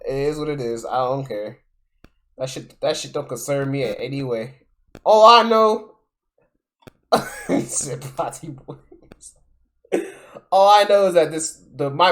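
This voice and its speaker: A man, talking loosely on a live stream as he reacts to a clip. His voice leaps up and drops low as he repeats himself in disbelief, and his talk is exasperated and profane. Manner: exasperated, repetitive, profane, swings loud and soft. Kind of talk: casual live-stream commentary.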